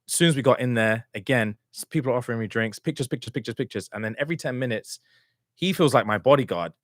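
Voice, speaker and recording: A man's voice: mid-range voice, fast, no echo. A man co-hosting a casual chat podcast, telling stories and acting out what his friends said. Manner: animated storyteller acting out friends' lines. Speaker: podcast co-host.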